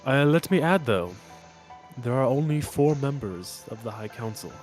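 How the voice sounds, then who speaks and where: Tabletop NPC, a man playing a solemn ex-council advisor, even mid voice, soft music behind. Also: medium pitch, natural voice. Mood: advising. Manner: measured, formal, solemn. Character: formal male former council member advising heroes. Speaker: game master. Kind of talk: game master voicing a character.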